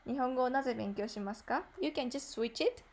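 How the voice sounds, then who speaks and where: A woman's voice: high-pitched, animated, racing. A woman with a Japanese accent, a native Japanese speaker, teaching a beginner Japanese lesson in English. She explains patiently with many fillers and repeats example sentences. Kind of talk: online language lesson.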